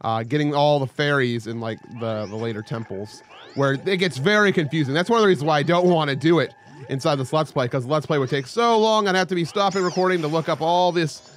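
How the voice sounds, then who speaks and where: A man's voice: a little high, a little fast, a little hiss or hum. A young man casually commentating his gameplay, joking and yelping at sudden moments. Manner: excitable, joking, with sudden yelps. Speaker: let's play host.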